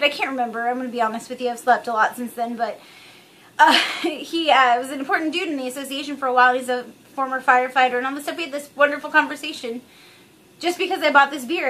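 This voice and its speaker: A woman's voice: sits high, a bit bright. A woman vlogging to camera, chatty, rambling and frankly profane. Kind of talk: casual chat to camera.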